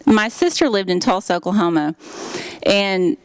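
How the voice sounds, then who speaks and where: A woman's voice: mid-range voice, moderate pace, clear, resonant tone, no room sound. A woman giving an earnest, heartfelt faith testimony. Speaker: speaker giving a personal testimony.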